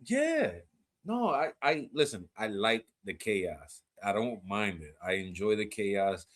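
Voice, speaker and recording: A man's voice: fairly low pitch, slow. An American man telling kitchen stories in loose, slangy casual chat, laughing often. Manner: animated slang-heavy storytelling, laughs often.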